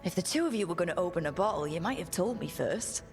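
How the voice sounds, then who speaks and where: Dry teasing companion, lowish voice, echo. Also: female voice, animated, quick pace, faint music behind. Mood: wry.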